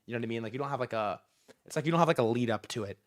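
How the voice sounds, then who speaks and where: A young man hosting a casual livestream about markets, talking in an excitable, profane and rambling way with lots of fillers. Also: medium pitch, rapid-fire. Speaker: livestream host.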